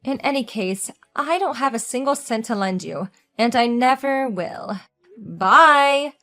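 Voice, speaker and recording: A woman voicing a sharp-tongued divorced woman who mocks her ex-husband with cutting sarcasm. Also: on the high side, lively intonation, unhurried, faint music behind, heavily acted. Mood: mocking. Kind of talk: audio drama acting.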